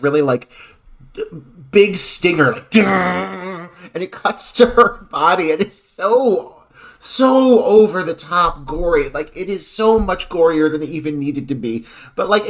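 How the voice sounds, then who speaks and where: A man's voice: high voice, a bit bright. A man co-hosting a podcast, chatting casually about a movie with lots of "like" fillers. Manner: chatty, filler-heavy with frequent "like". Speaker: podcast co-host. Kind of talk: casual film discussion.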